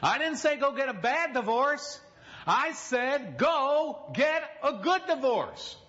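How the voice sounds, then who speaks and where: A male pastor with a very high, lively voice delivers a folksy sermon. He slows right down to land his points. The recording sounds dull and lo-fi. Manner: folksy storytelling preacher, slows for emphasis.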